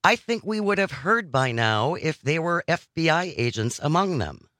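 A man hosts a talk radio show, chatting casually but earnestly and working through his argument step by step. His voice has a bright, forceful edge. The studio sound is dry and close. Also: fairly high pitch, sing-song, moderate pace, dry recording. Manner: conversational, earnest, argues point by point.

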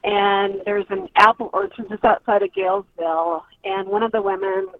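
A woman's voice: medium pitch, fairly even intonation, normal speed, creaky, no room sound. Enthusiastic woman on a phone line. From Wisconsin. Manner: enthusiastic, storytelling. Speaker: caller. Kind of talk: phone-in chat.

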